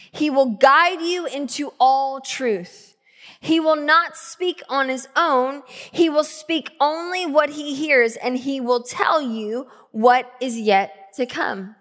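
A woman in her thirties, a pastor, preaching a sermon in a church, reading scripture with emphasis and telling personal stories in a conversational way. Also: mid-range voice. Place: church sanctuary. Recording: reverberant hall with soft band music. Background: soft band music.

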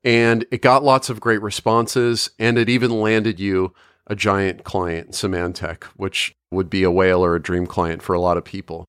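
A man hosts an interview and asks measured, thoughtful questions. His voice is fairly low, smooth and resonant. The sound is dry and close, with no room echo. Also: flat delivery, fairly bright tone. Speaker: interview host.

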